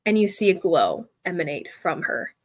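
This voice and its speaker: A woman's voice: lowish voice, big pitch swings, normal speed. A woman running a tabletop game as game master, narrating the scene in a loose, meandering way with many fillers. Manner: descriptive, meandering with fillers and restarts.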